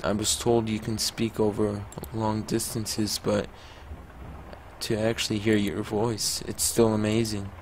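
A man voicing a kindly, wistful male innkeeper, reading the game dialogue slowly in his own voice. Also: lowish voice, monotone, slight background noise.

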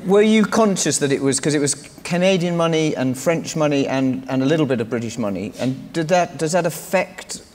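Man asking halting questions in a hall. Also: on the high side, animated, a little mellow, a little hiss or hum. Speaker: interviewer. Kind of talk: stage interview questions. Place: festival stage before an audience. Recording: reverberant live hall.

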